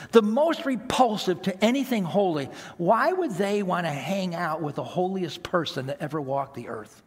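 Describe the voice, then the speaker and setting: A pastor with a high, husky voice delivers an animated sermon, throwing rhetorical questions at the congregation. The long reverb of a large hall surrounds his words.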